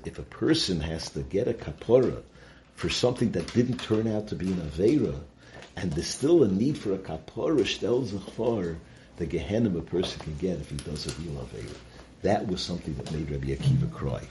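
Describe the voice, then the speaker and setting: A man giving an informal Torah talk, halting and restarting often and mixing in Hebrew and Yiddish terms. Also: low-pitched, warm tone, a little hiss or hum. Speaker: Torah teacher.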